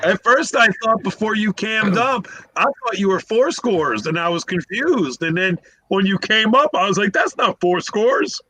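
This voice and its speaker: A man's voice: high-pitched, lively intonation, moderate pace, few pauses, bright, forceful tone, no room sound, rough recording. A man hosting a casual livestream, teasing his guests and boasting a little. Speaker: livestream host.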